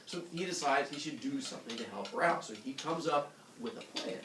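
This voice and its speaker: A man's voice: medium pitch, a little fast, hardly any pauses. A man retelling a myth to a live group in a goofy, comic way, with laughs and sound effects. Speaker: storyteller. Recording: echoey room from a distant mic, faint noise.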